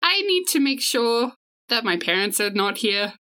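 A woman's voice: fairly high pitch, very animated, a little slow, pushed and bright. A woman playing a tabletop role-playing game, casually narrating her character's actions and talking in character. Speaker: player.

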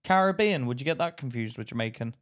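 A man's voice: medium pitch, animated, fast. A man co-hosting a podcast, chatting casually in a rambling, often confused way, breaking into giggles. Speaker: podcast co-host. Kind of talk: casual banter.

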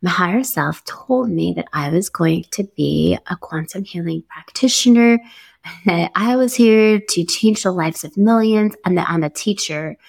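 A woman in her thirties tells her own story as a podcast host, candid and easygoing. Her voice sits low and carries a gravelly edge. The close mic leaves it dry, with no room sound. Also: a little slow, dry recording. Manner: candid, conversational, upbeat with soft laughs. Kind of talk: personal storytelling monologue.

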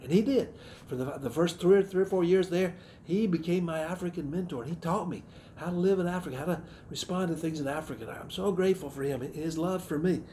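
A middle-aged man from the American South shares a personal testimony in a sermon. His voice sits a little higher than most men's, and he speaks in an earnest, reflective way, often stopping to restart a thought. A faint ambient hiss stays in the background. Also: quick pace, mellow. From Southern United States. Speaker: missionary speaker giving testimony.

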